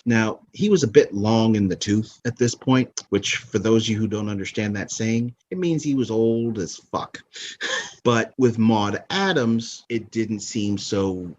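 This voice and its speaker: A man's voice: fairly low pitch, measured pace, a little mellow, dull audio, slight background noise. A man hosting a podcast, chatting frankly and casually about favorite movies, swearing now and then and laughing at his own jokes. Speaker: podcast host. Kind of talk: casual movie countdown commentary.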